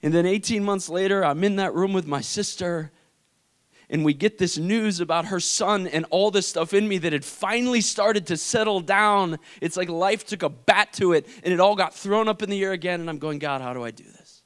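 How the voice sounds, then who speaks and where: Man telling a personal story, raised pitch. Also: moderate pace. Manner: storytelling, swings from hushed to intense. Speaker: speaker. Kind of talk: personal testimony talk.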